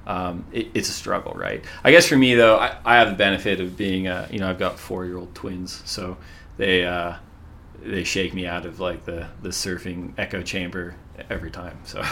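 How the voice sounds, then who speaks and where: A man's voice: sits low, steady tone, normal speed, gravelly, a bit bright, a little hiss or hum. A middle-aged man from Southern California, a surf league executive chatting on a podcast, rambling with many fillers and restarts. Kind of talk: casual podcast chat.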